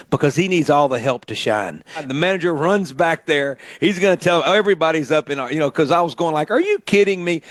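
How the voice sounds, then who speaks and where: Lebhafter Radiomoderator aus Mississippi. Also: male voice, on the high side, dry recording. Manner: animated storyteller, acts out quotes. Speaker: radio host and musician. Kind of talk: storytelling radio chat.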